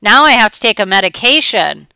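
A middle-aged woman coach talks in a chatty, animated way, slipping into her clients' voices. Her voice is bright and smooth, and the recording is dry and close with no room sound. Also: medium pitch, brisk, no room sound. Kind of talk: motivational talk.

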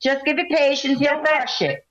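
A woman's voice: high-pitched, little pitch movement, normal speed, a bit bright. A woman co-hosting a call-in psychic radio show, affirming and cheerful with the caller. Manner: affirming, laughs often. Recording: dull lo-fi radio sound.

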